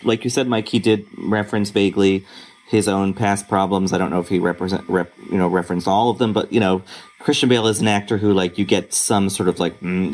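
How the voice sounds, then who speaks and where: A man's voice: sits low, darkish tone. A man co-hosting a podcast, thinking aloud hesitantly with lots of fillers. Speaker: podcast co-host. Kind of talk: casual chat.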